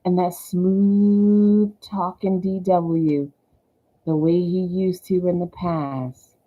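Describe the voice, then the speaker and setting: A woman with a Southern US accent giving a casual tarot reading, chatty and giggly, softly thanking the angels. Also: fairly low pitch, fairly even intonation, extremely slow. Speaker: tarot reader. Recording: tinny phone-like sound.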